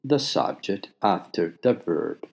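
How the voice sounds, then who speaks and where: A man explaining grammar in a recorded language lesson, patient, with pauses between phrases. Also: deep voice, animated, gravelly. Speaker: language teacher.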